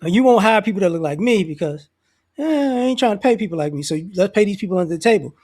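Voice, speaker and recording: Fast-talking and animated, this man has a high-pitched, darkish voice. As a commentator in a casual monologue about society, he speaks off the cuff in slang, keeps restarting sentences, and acts out others' voices in quotes.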